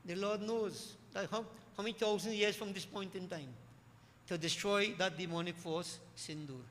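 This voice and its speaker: A gentle, loving divine son speaks with tender assurance, as a male preacher quotes him. The voice is bright and clear, carried by the long ring of a hall. A faint murmur sits underneath. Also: high voice, moderate pace, a little hiss or hum. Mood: solemn promise. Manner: gentle, reassuring, solemn. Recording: echoey hall with faint ambience.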